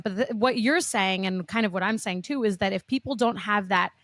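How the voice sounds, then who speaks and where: A woman's voice: medium pitch, brisk, no room sound. A woman hosting a podcast, talking from a human resources view in a thoughtful way with fillers and hedges. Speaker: podcast host, HR leader. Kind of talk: conversational podcast talk.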